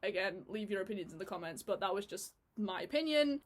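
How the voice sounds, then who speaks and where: A woman's voice: mid-range voice, a little fast. A woman giving a casual chat review on her channel, chatty and laughing often, with lots of fillers and restarts. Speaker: YouTube reviewer.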